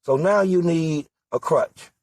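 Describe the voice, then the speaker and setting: Slow, deliberate male political candidate, husky timbre, hammering rhetorical questions. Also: fairly high pitch, a little mellow, no room sound. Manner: rhetorical questions, emphatic repetition. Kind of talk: impassioned political monologue.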